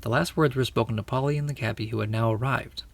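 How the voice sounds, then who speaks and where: Gravelly man reading a storybook aloud. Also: mid-range voice, fast. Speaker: audiobook reader. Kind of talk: storybook read-aloud narration.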